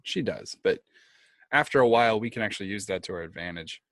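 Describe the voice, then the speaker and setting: Animated, profane male tabletop player. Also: on the low side, fast talker, no echo. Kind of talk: casual tabletop banter.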